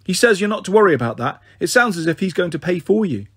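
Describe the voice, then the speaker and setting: A man's voice: sits high, sing-song, fast, slightly rough, no echo, clean studio sound, full character voice. A man voicing a blunt, teasing schoolgirl.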